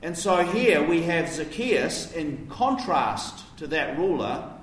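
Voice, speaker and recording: A man gives a sermon in a conversational, teaching tone and poses questions to the congregation. His voice sits a touch high for a man. He is picked up from some distance, with a roomy echo and faint ambience behind him. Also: lively intonation, slow pace, a little hiss or hum. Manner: conversational, explanatory, rhetorical questions. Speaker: preacher.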